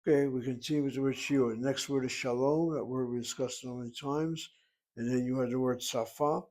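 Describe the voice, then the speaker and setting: A man in the middle of a recorded language lesson, with a voice at an ordinary middle pitch. He works methodically through pronunciation and syllables, stops to ask rhetorical questions and then answers them himself, like a patient teacher. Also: dark tone. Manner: methodical, explains pronunciation step by step; thinks aloud with rhetorical questions. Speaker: Hebrew teacher.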